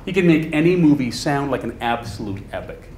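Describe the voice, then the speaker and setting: Animated male stand-up comedian, echoey room. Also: medium pitch, a little fast. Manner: animated, chatty, laughs at his own jokes. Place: comedy stage before a live audience. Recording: echoey room, audience laughter, noise.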